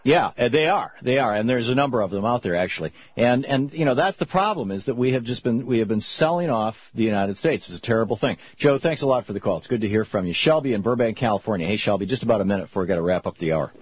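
A man hosting a call-in radio talk show, talking in an animated, opinionated way with frequent restarts. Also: medium pitch, quick pace, few pauses, breathy edge, no echo, muffled recording.

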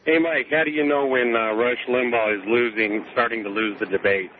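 A man's voice: mid-range voice, fairly even intonation, normal speed. Male trucker caller, heartfelt and emphatic, tinny phone line. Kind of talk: call-in radio talk.

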